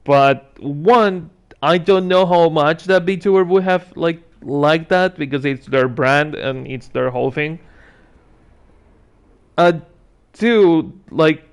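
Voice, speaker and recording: A male streamer talks through a game in a loose, casual way. His voice sits a touch higher than most men's. He mutters little asides to himself and slips in dry, sarcastic remarks. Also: slow, clear, resonant tone. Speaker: gaming streamer. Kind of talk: casual gameplay commentary.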